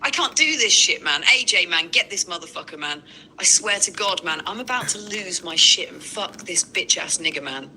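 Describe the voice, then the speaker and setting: A woman's voice: fairly low pitch, lively intonation, normal speed, sharp tone, slight background noise, exaggerated voice, low-quality recording. Brittany, a foul-mouthed raging AI voiced by a woman. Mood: furious cursing. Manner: profane, insulting rant. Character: foul-mouthed furious female AI assistant.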